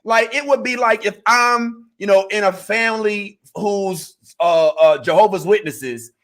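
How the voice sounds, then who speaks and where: A man co-hosting a podcast in casual chat, animated and joking around. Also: sits high, a little slow. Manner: animated, slips into mock voices and jokes. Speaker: podcast co-host.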